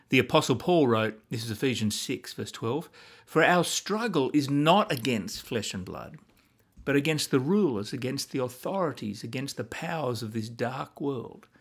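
A man preaching a sermon as a pastor, emphatic and full of rhetorical questions, reading scripture aloud. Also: medium pitch.

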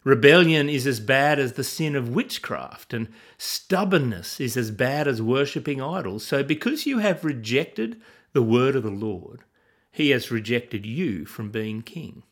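A man's voice: medium pitch, expressive, measured pace. A man reading the part of a stern older prophet who rebukes a king, in a Bible reading. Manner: stern, reproving.

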